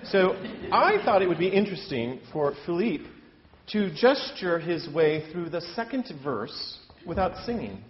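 A man's voice: high-pitched, sing-song, measured pace, slight background noise. A man from the US Midwest giving a chatty, self-deprecating lecture-demonstration on opera singing as a voice teacher. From Iowa, US Midwest. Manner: chatty, self-deprecating, talks with his hands. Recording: dull, hall reverb.

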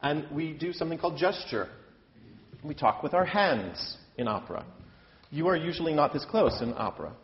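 In a lecture-demonstration for opera singers, an Iowa-born Midwestern man speaks at normal speed in an animated, slightly high voice. Chatty and self-deprecating, he gestures while talking; the hall gives a long reverb and the audio is a little dull.

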